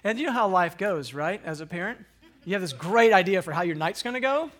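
A man's voice: high-pitched, lively intonation, fairly quick, fairly bright tone. A man in his thirties casually telling a personal faith story, rambling a little with fillers and laughing at himself. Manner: conversational, rambling, frequent fillers and restarts; self-deprecating, chuckles at himself. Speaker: speaker sharing a personal story.

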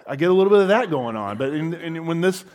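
A man's voice: on the high side, darkish tone. Man preaching a casual, joking sermon. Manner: wry, self-deprecating humor with frequent restarts. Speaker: pastor. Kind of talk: conversational sermon.

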